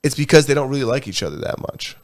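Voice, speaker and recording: A man's voice: medium pitch, animated, quick pace. A man co-hosting a podcast, bantering casually with loose, profane humor. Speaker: podcast co-host. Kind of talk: casual chat.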